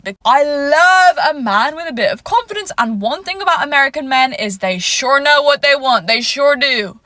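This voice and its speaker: A woman's voice: high-pitched, animated, normal speed, hardly any pauses, sharp tone, no echo. A woman talking casually and playfully in a vlog, teasing in tone.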